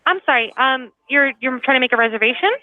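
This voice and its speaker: A woman's voice: sits high, quick pace. A woman manager answering a phone call to a restaurant, polite and a little hesitant, with fillers. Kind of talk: polite customer service on the phone.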